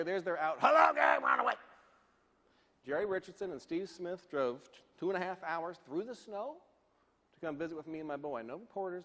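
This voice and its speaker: A man from Northern Virginia giving a keynote speech, telling a story with animated delivery and acting out the voices of the people in it. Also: high voice, long reverb tail. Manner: animated, acts out the voices of people in his stories. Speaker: keynote speaker.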